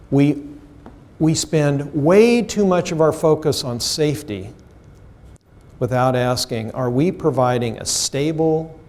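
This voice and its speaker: A man's voice: medium pitch, a little mellow. A middle-aged man giving a professional development lecture to a seminar audience, emphatic and full of questions to the room, acting out the people he quotes. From United States. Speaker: seminar presenter.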